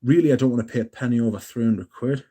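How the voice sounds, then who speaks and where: A man's voice: mid-range voice, quick pace, warm tone, husky. A young man hosting a casual live stream, chatting in a jokey way and reading out messages from the chat. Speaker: livestream host.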